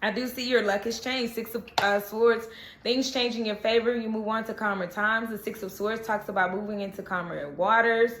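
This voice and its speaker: Animated woman giving a tarot reading. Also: on the high side, moderate pace. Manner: animated, repeats "okay?" and reassuring phrases. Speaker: tarot reader. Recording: echoey room with faint noise.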